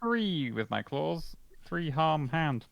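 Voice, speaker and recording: A man playing a tabletop game, unhurried and hesitant. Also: a little high, sing-song, vocal fry, no echo, dull audio. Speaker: player. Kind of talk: casual tabletop play.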